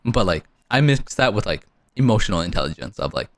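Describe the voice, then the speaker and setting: A young man co-hosting a podcast in casual chat, animated and swearing freely. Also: on the low side, fast, no echo, clean studio sound. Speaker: podcast co-host.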